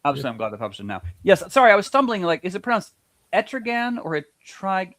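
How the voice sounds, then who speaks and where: A man with a somewhat high voice that swings widely up and down. He chats casually on a comics panel, tripping over his words and starting sentences again and again. The sound is close and dry. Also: wildly swooping pitch, racing, fairly bright tone, dry recording. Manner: stammering, many restarts. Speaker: podcast co-host.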